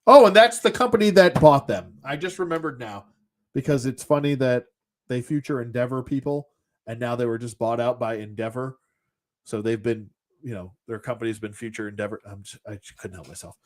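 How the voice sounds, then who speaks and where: A man's voice: mid-range voice, brisk. A man ranting casually as a show host, sarcastic and exasperated, swearing as he goes.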